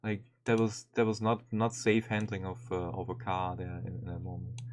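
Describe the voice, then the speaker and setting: Animated swearing male streamer. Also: sits low, normal speed. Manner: animated, repeats and restarts, swears often. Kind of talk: casual commentary on a video.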